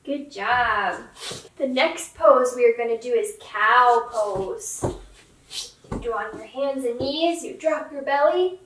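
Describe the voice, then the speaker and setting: A young woman leads children through yoga poses in a high, gentle voice, taking her time and cheering them on. She sounds a little distant from the mic, in a room with a noticeable echo. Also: slow, a little hiss or hum. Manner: gentle, encouraging, playful with animal sounds. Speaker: yoga instructor. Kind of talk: kids yoga class instruction.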